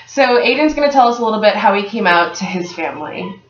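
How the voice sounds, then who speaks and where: A woman's voice: medium pitch, animated, fast talker. A woman hosting a casual vlog chat in an upbeat, affirming way. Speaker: vlog host. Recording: echoey room, dull lo-fi sound, faint noise.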